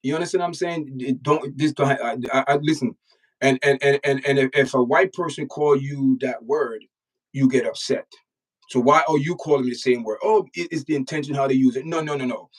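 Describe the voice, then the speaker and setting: Jamaican male host, middle pitch, forceful repetitive stream talk, mic set back a bit. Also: normal speed, recorded from a distance, poor audio. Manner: emphatic, repeats words, lectures the chat directly. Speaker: channel host reacting to news and chat. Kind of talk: casual livestream commentary.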